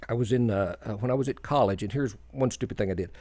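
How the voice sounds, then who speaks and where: A Texan man co-hosts a community radio show, telling folksy stories in a rambling, self-deprecating way packed with fillers. His mid-range voice moves at a quick pace with a darkish tone, in casual radio chat and storytelling.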